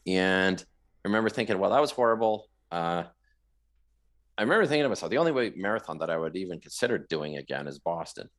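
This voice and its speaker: A Canadian man appears as an interview guest, sitting low in his range and speaking at a quick pace. He tells his story in an animated, rambling way, often repeating words.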